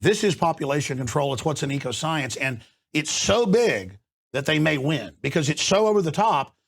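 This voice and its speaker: Gravelly man hosting with fervor. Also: on the high side, sing-song. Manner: forceful, emphatic, rapid-fire delivery. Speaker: host. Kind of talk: heated talk-show discussion.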